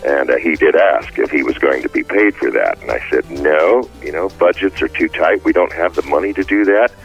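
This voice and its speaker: An older man, a former music executive, telling an anecdote in a relaxed way with a husky voice. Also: rumbling low, fairly quick. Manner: relaxed storyteller with fillers. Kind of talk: recalled anecdote. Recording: slightly muffled interview recording.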